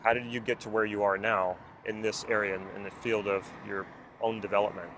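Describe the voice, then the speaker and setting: A man with a low-set voice speaks earnestly and reflectively, putting question after question to the viewer as a personal development coach. Traffic hums clearly behind him, since he is recording outdoors near a road. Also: little pitch movement, fairly quick, a bit bright. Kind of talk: reflective talk to camera.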